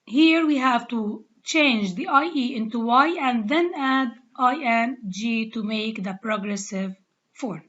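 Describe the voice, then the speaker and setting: Lebanese woman teacher, deliberate and slow, spells words out letter by letter, muffled lo-fi sound. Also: fairly high pitch, a bit bright. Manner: spells out letters and repeats each rule step by step. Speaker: English teacher. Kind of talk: slow, deliberate grammar lesson. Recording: dull lo-fi recording.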